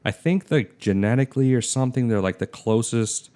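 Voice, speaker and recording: A man's voice: medium pitch, brisk, mellow. A man in his thirties co-hosting a podcast in casual chat, chatty and skeptical, with lots of fillers. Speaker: podcast co-host.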